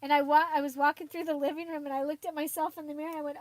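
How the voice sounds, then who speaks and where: A woman's voice: high-pitched, flat delivery, racing, hardly any pauses. A woman hosting a crafting channel, chatting casually and rambling with frequent fillers and little laughs. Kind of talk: casual livestream chat.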